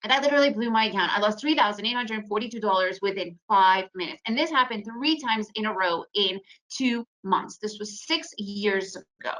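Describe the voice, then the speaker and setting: Bright, animated woman telling a story. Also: medium pitch, fairly quick, hardly any pauses, poor audio. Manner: animated storytelling, rhetorical questions. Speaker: webinar speaker. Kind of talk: trading webinar talk.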